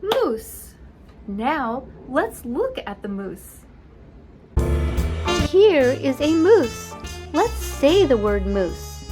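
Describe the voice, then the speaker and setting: A woman teaching young children, sounding out words slowly and spelling them letter by letter. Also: high-pitched, sing-song, music in the background.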